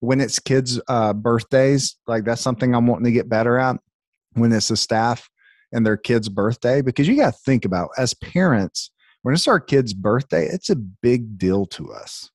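A man's voice: medium pitch, normal speed, a little mellow, no room sound. Southern US male podcast host; chatty, filler-heavy, friendly delivery; dry recording. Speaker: podcast host and business leader. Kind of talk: casual podcast conversation.

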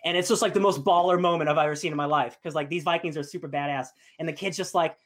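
A young man chatting casually as a podcast host, gushing and excitable with lots of fillers. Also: fairly high pitch, quick pace. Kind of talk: casual chat.

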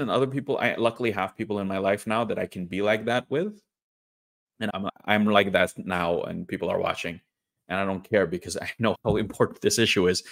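A man's voice: lowish voice, a bit bright. Earnest young man speaking candidly. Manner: earnest, raw, halting with restarts. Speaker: online creator sharing personal story. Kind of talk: candid personal monologue.

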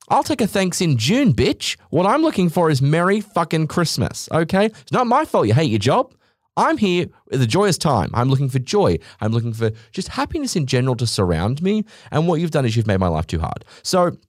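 A man's voice: medium pitch, a little mellow, no room sound, clean studio sound. A young Australian man hosting a solo podcast, ranting in a brash, sweary, theatrical way. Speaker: podcast host.

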